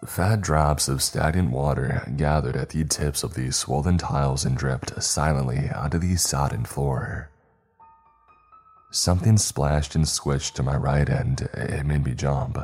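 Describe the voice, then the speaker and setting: A man reading a horror story aloud in a measured, steady narration. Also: very deep voice.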